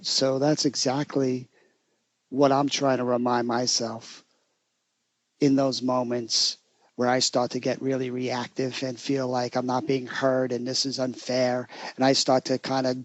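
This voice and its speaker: A middle-aged man co-hosting a therapy podcast, speaking gently and encouragingly. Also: mid-range voice, completely flat delivery, measured pace, dry recording. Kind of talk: casual conversational podcast.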